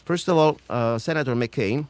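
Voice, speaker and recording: A man's voice: moderate pace, dry recording. Emphatic accented man ranting on air. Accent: non-native. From outside the United States. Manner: ranting, emphatic, swings from loud to low. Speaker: radio show host. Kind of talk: passionate political radio talk.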